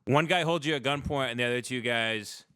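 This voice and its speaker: A man hosting a comedy podcast, tossing out deadpan absurd jokes in casual banter. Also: mid-range voice, a little fast, smooth, no echo, studio quality. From California. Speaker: podcast host.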